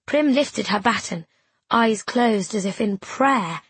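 A woman reads a story aloud in a gentle, measured way, like an audiobook. Her voice is husky and breathy, and the sound is dry and close. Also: medium pitch, no room sound. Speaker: narrator. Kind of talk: scripted audiobook narration.

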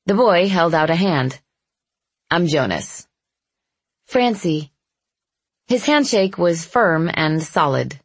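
A woman giving steady first-person narration of a novel in an even storytelling manner. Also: lowish voice, unhurried, few pauses, breathy edge, no echo. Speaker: audiobook narrator.

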